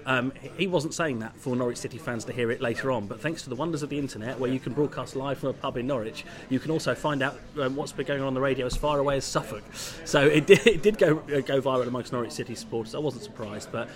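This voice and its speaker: A man's voice: mid-range voice, quick pace, few pauses. A male local radio presenter, a guest on a pub panel, telling wry anecdotes in a chatty way. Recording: noisy pub crowd. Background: pub crowd chatter.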